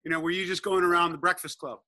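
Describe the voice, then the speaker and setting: A man's voice: high voice, steady tone, fast talker, pushed and bright, no room sound, studio quality. A man on a podcast panel, teasing the storyteller with joking questions in casual banter. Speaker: regular panelist.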